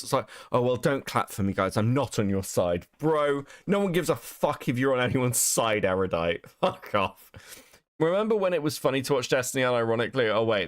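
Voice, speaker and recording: A man's voice: mid-range voice, dry recording, clean studio sound. A man hosting a livestream, talking casually with a mocking, profane edge and frequent laughter. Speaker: streamer host.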